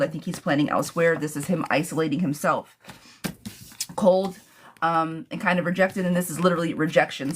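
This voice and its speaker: A woman giving a live-streamed tarot reading, blunt and chatty, calling her viewers sweetheart and friend. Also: lowish voice. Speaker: tarot reader.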